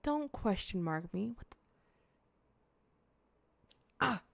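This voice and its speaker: Young woman streamer, loose rambling chat, cusses a lot, gravelly fry in the voice. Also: mid-range voice, animated, slow pace, no echo. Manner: chatty, rambling, swears freely, talks to chat. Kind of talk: casual livestream chat, eating on camera.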